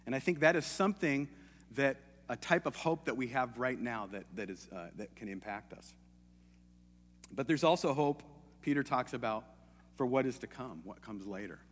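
Guy preaching a sermon, earnest and kinda halting, voice ringing in a big hall. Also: medium pitch, lively intonation. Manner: earnest, hesitant with restarts.

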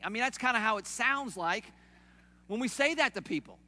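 A man preaching a sermon in a conversational way, swinging from loud emphatic peaks to soft low asides, in a church. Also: lively intonation, normal speed. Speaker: pastor. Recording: long hall reverb.

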